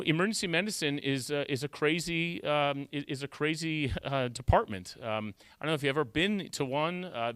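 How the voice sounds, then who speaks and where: A man, an emergency physician, giving a conversational storytelling talk, animated and full of fillers and restarts. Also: medium pitch, clean tone, no room sound. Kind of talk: storytelling lecture. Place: cultural center lecture hall.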